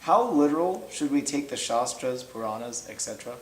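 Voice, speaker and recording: A man's voice: mid-range voice, expressive, brisk. Man reading out questions, echoey room. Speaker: question moderator. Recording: echoey room with faint noise.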